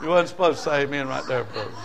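A man's voice: medium pitch, animated, rapid-fire, gravelly, a crowd in the background. A male pastor, preaching a folksy, humorous, emphatic sermon to a congregation in church.

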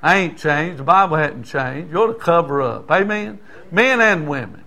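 Older male preacher, folksy conversational sermon delivery, fairly high-pitched. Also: animated, normal speed, pushed and bright. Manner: folksy, conversational preaching with call-and-response asides.

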